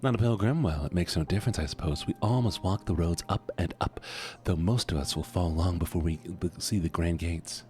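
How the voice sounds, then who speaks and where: A man's voice: low-pitched, a little fast, few pauses, a little mellow, close to an everyday voice. A man voicing a weary, pious old bug pilgrim while reading video game dialogue aloud. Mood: solemn.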